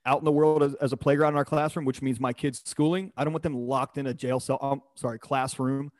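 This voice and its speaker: A man's voice: mid-range voice, steady tone, fairly quick, darkish tone, dry recording. Blunt, motivational man on a dry mic. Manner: emphatic, motivational, blunt with occasional swearing. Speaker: podcast guest, performance coach. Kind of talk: casual podcast conversation.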